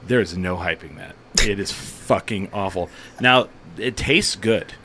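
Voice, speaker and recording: Casual talk-show host, man, lowish voice, rambling anecdotes, faint background hiss. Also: unhurried, pushed and bright. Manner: rambling storyteller, frequent restarts and swearing. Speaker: podcast host. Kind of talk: casual chat.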